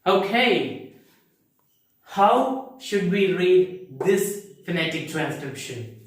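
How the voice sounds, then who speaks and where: In an online English pronunciation lesson, a man with a high-sitting, very animated voice speaks very slowly. He asks rhetorical questions and answers them himself with careful explanations. The recording has a very echoey room and a distant mic.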